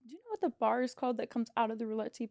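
A woman casino dealer and podcast co-host telling a story in casual chat, animated, full of "like" and the odd swear word. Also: on the high side, very fast, gravelly, no echo, clean studio sound. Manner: animated, heavy use of "like", swearing.

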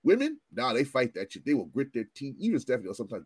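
A man ranting in casual commentary, animated and profane, often repeating himself as he restarts his sentences. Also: mid-range voice, fast, breathy edge, no room sound.

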